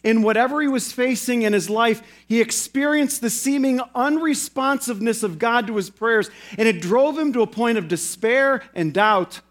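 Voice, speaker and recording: A male pastor preaching a sermon in an earnest way, slowing down and repeating phrases for emphasis. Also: extremely high pitch.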